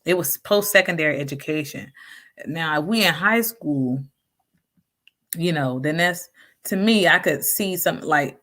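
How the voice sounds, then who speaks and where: A woman talks through viewer comments in a loose, casual chat. Her voice sits low, and her manner is frank and sassy, full of slang and quick laughs. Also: fairly bright tone. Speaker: vlogger reading viewer comments.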